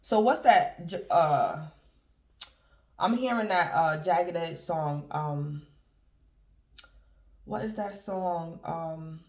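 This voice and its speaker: Very slow and pausing often, this tarot reader speaks in a voice on the high side. His reading is casual and meandering, repeatedly addressing viewers as "collective," captured with roomy echo.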